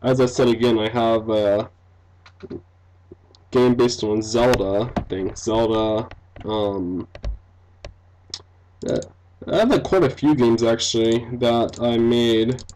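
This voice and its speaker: Slow and pausing often, a young man speaks at medium pitch with fairly even intonation and a darkish tone; the low-quality recording carries a little hiss or hum. He is a game developer and let's-play commentator rambling casually about his game, with many "um"s, "like"s and "you know"s, frequent laughter and self-deprecating remarks.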